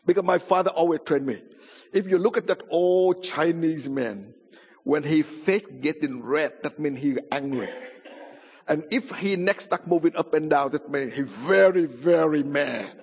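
A man's voice: fairly high pitch, normal speed, husky. A man giving a sermon testimony in non-native English, with simple grammar and a dramatic storytelling manner. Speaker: pastor. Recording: muffled sound in a reverberant hall.

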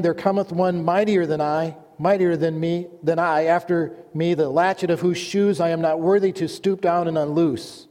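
A pastor delivering a sermon, reading scripture aloud and telling a folksy joke in an earnest manner. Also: male voice, a little high, darkish tone. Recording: long hall reverb.

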